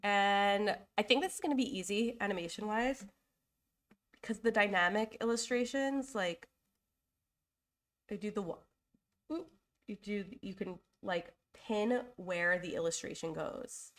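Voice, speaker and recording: A woman's voice: medium pitch, unhurried, long pauses, a bit bright. A young woman, getting over a cold, hosting a live design stream in a casual, chatty way and thinking aloud with fillers and self-corrections. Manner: openly emotional and apologetic.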